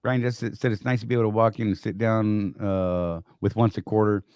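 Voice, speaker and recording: A man's voice: on the low side, little pitch movement, brisk, a little mellow, slight background noise. A man co-hosting a casual live-stream chat, rambling through stories with frequent restarts. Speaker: co-host.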